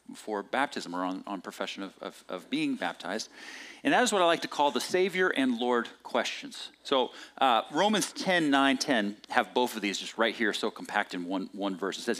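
A man's voice: medium pitch, fairly bright tone. A middle-aged man preaching as a pastor, telling stories in a conversational way with frequent restarts and fillers. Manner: conversational storytelling with many restarts and filler words. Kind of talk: sermon.

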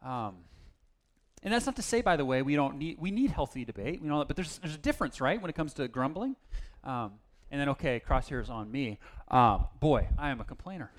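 A man's voice: mid-range voice, animated, a little fast. A man preaching a casual, self-deprecating sermon, with plenty of fillers and restarts. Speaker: pastor.

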